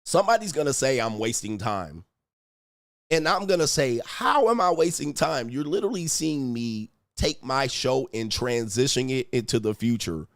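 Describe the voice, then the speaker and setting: A man's voice: medium pitch, expressive, moderate pace, no echo, studio quality. A man hosting a live stream, delivering an angry, profane rant full of insults and scornful laughter.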